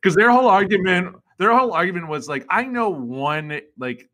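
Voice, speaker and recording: Young male podcast co-host, bright voice, animated delivery with big pitch jumps on impressions. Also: normal speed. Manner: animated, jumps high in pitch when mimicking people. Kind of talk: casual chat.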